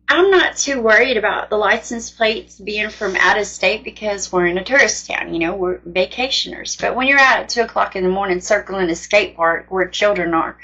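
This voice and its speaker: A woman's voice: mid-range voice, sharp tone. A woman candidly retelling a frightening personal experience in a conversational testimony style. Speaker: faith storyteller. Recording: dull lo-fi sound.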